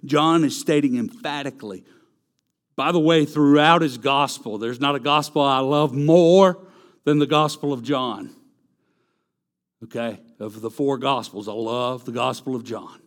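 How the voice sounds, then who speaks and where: Slow, emphatic preacher man. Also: medium pitch. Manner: emphatic, repeats key phrases for stress. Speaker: pastor. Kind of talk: sermon.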